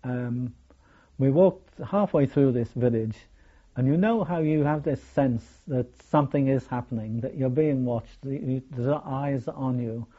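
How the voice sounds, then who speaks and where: An older man, recalling his wartime experiences in a hesitant, halting way full of restarts. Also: medium pitch. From England. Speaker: war veteran telling his story. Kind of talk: oral history recollection. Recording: dull lo-fi recording.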